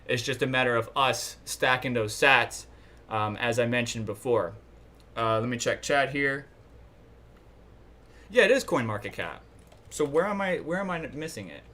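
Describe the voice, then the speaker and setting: A man's voice: medium pitch, lively intonation, moderate pace, long pauses, bright, forceful tone. A man from New York hosting a casual livestream, rambling and thinking aloud while he browses charts and checks chat. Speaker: livestream host.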